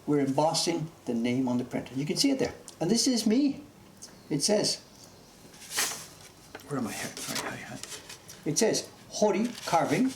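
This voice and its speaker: A man's voice: on the high side, animated, moderate pace, long pauses. A man in his sixties with a Canadian accent carrying faint English traces, chatting casually and enthusiastically while streaming from his print workshop. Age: 60s. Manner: chatty, enthusiastic, easily amused. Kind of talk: casual live-stream chat. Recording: echoey room with background noise.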